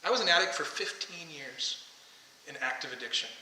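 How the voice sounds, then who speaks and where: A man preaching a sermon as pastor, impassioned, rising to loud calls as he tells the story. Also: on the high side, animated, normal speed, distant mic, a little hiss or hum. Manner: impassioned, shouting the calls to come out. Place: church sanctuary. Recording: echoey church hall.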